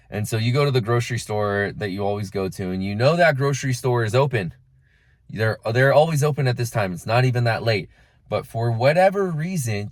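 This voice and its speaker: A man's voice: on the low side, darkish tone, no echo. A young man talking casually to camera as a spiritual coach, chatty and full of filler "like"s and acted-out inner voices. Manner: conversational, lots of "like" and acted-out inner quotes.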